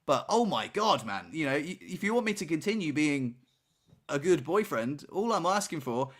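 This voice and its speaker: Animated man telling a story, high voice. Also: normal speed. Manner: animated storytelling, many "you know" and "right?" asides. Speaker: podcast co-host. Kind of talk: casual chat.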